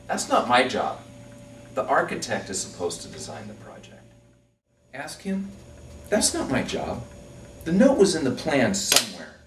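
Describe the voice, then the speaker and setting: A man's voice: fairly low pitch, a little hiss or hum. Indignant man in a roomy space. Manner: indignant, defensive. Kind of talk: scripted comic monologue. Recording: roomy, distant mic, faint ambience.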